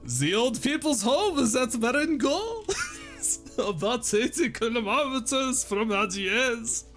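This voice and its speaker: A man putting on an exaggerated fake French accent, with slow, high, drawn-out delivery. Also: animated, fairly bright tone, soft background music, exaggerated voice. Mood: hammy. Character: mock-French male narrator, hammy and exaggerated.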